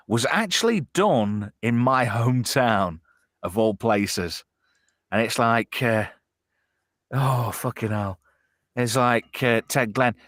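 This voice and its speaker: Man, tipsy, rambling, swears a lot, lively up-and-down pitch, dry close sound. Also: no echo. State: slightly drunk. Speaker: show host reading chat. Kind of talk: casual chat.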